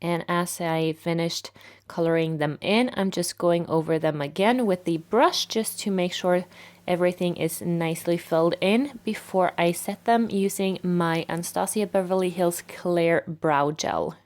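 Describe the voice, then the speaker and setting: A woman with a raspy voice narrating a makeup tutorial in a relaxed, step-by-step way. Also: lowish voice, measured pace. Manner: relaxed, step-by-step explaining with fillers.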